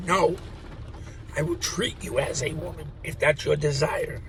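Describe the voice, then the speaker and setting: Speaking slowly in a gravelly, slightly high voice, a man who works at a post office rambles on camera with strong opinions. He swears a lot and cracks himself up, and there's noise in the background.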